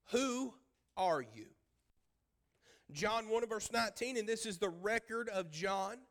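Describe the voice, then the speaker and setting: High, bright-voiced preaching man. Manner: emphatic, repeats himself, asks the congregation questions. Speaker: pastor. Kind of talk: sermon.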